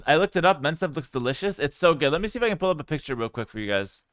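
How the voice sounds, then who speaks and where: Male streamer, casual chat, smooth clear voice, dry close sound. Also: a little high, racing, dry recording. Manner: relaxed and chatty, with frequent fillers.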